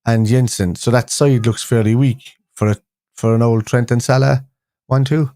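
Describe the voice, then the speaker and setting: A man's voice: mid-range voice, steady tone, normal speed, warm tone, no room sound. Rambling Scouse man, dry close mic. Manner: rambling, restarts, reads viewer comments aloud. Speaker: fan show host. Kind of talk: casual live-stream football chat.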